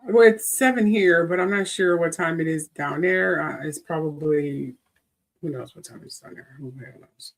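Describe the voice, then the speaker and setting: A woman's voice: deep voice, moderate pace. A woman hosting a casual gossip livestream, rambling and chatting to viewers in the comments. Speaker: gossip show host.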